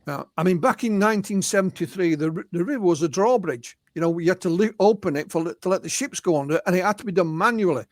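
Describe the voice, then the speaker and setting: English guy, kinda high voice, chatting through witness stories, dry close sound. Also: quick pace, few pauses, no echo. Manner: recounts witness stories, often quoting them. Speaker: guest researcher and author. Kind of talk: conversational storytelling interview.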